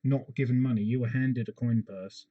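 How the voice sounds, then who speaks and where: A man's voice: medium pitch, steady tone, moderate pace, muffled recording, natural voice. A man voicing stern armored guards who curtly dismiss a complaint. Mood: dismissive. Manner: curt, dismissive.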